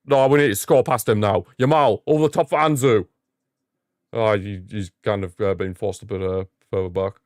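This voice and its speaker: A young man hosting a live football watchalong, giving excitable fan commentary and ranting at the referee. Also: lowish voice, normal speed, dry recording, clean studio sound. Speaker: watchalong host.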